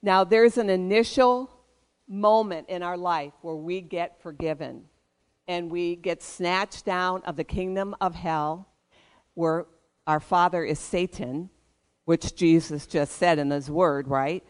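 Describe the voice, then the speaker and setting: A pastor preaches a sermon slowly, with emphatic cadences, calling on the congregation to respond. The voice is clear, resonant, and sits at an ordinary middle pitch.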